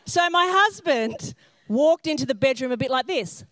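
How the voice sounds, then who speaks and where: A middle-aged pastor, a woman with a high-pitched voice speaking at normal speed, preaches with self-mocking humorous stories. She animatedly acts out the scenes in character, and the recording is dry.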